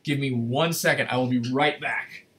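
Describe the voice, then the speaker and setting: Chatty male streamer with a bright, tense voice. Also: medium pitch, normal speed, breathy edge. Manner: rambling, chatty, self-correcting. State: slightly losing his voice. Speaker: livestream host. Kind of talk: casual livestream chat. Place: at a desk in a room.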